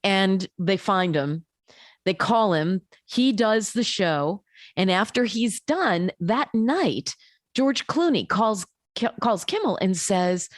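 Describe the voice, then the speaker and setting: A woman co-hosting a podcast, telling stories in a casual, animated way with many fillers. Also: fairly low pitch, measured pace, no echo, clean studio sound. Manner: animated, lots of fillers and restarts. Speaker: podcast co-host. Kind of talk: casual chat, storytelling.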